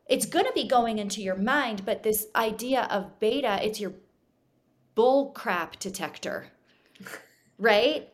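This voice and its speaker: Animated woman hypnotherapist explaining. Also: fairly high pitch, takes it slowly. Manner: animated, explanatory, shifts volume to demonstrate. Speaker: hypnotherapist guest. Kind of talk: podcast interview, explaining. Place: podcast studio.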